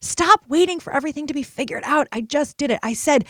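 A woman's voice: high voice, animated, fast, hardly any pauses, dry recording. Woman podcast host, motivational and emphatic, dry close mic. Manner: emphatic, personal, swings between soft and loud. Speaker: podcast host and purpose coach. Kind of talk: motivational solo podcast talk.

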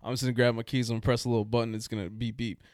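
A man in an easygoing conversational voice recounts his day, rambling and poking fun at himself. The sound is dry and close, with no room echo. His pitch sits in an ordinary middle range. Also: flat delivery, rapid-fire. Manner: rambling, self-mocking, laughs through his own story. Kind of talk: casual storytelling.

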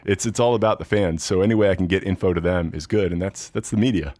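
A young adult man, a baseball pitcher, chatting earnestly and cheerfully as a podcast guest. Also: fast, a little mellow, no room sound, clean studio sound. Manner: friendly, earnest, frequent restarts and laughs. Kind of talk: casual interview chat.

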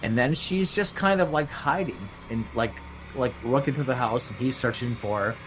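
A man's voice: medium pitch, normal speed, a little hiss or hum, low-quality recording. A man hosting a podcast, casually recapping a horror film with lots of fillers and acted-out quotes. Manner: rambling, many fillers, acts out quotes. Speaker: podcast host.

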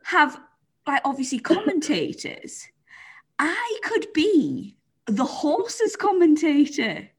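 A woman's voice: high voice, very animated, takes it slowly. A woman hosting a casual chat, chatty and laughing often, with lots of "like" and some swearing. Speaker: podcast host.

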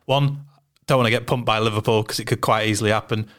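A man's voice: lowish voice, fairly even intonation, fast, fairly bright tone. A man on a football podcast who talks casually, often stopping and repeating words as he thinks. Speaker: podcast co-host.

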